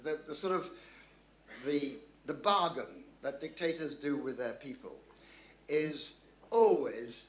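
A man's voice: a little high, expressive, slow pace, slight background noise. A man giving a talk and answering audience questions, thoughtful and anecdotal, often restarting his sentences. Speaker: guest speaker. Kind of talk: public lecture Q&A answer. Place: club function room. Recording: roomy hall echo.

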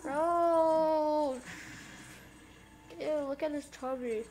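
A high-voiced woman chats her way through a video game, giggling and calling out to the characters as she plays. She talks at an unhurried pace, and a faint hiss sits under the recording. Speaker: let's play gamer. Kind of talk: casual gameplay commentary.

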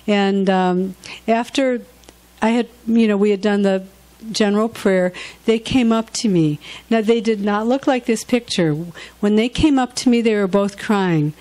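A woman minister telling healing testimonies to a church gathering, storytelling with frequent restarts and repeated words. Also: on the high side. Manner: warm storytelling with repetitions and restarts.

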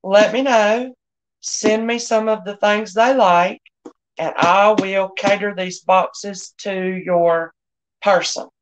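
A woman's voice: mid-range voice, steady tone, slow, a little hiss or hum. A middle-aged woman, hosting a live online sale in a chatty, folksy way and greeting viewers by name. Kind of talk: casual live-stream selling chat.

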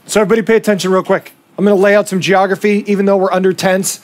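A pastor preaching a sermon to his congregation, reading scripture and pausing to prompt his listeners directly. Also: high-pitched, flat delivery. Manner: preaching with emphatic pauses and direct audience prompts. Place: outdoors under tents with a congregation.

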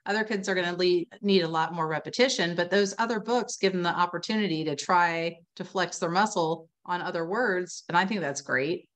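A woman's voice: on the low side, a little fast, hardly any pauses. Chatty woman on a video call. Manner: chatty, lots of "you know" and "like", animated storytelling. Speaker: reading instruction expert. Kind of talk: casual webinar conversation.

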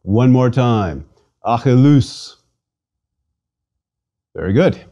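With a warm, animated mid-range voice and a measured pace, a man teaches pronunciation from a script in a studio. As a language lecturer, he patiently repeats each word so listeners can drill along.

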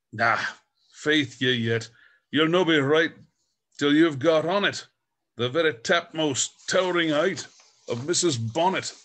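Chaplain reading old Scots verse over a video call, put-on Scottish lilt, unhurried. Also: male voice, on the high side, a bit bright. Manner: slow, deliberate reading. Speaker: Grand Chaplain reciting poetry. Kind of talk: poetry recitation in Scots.

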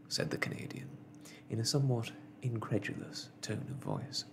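A man reading a classic story aloud in a soft, slow, hushed ASMR style. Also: medium pitch, vocal fry, a little hiss or hum.

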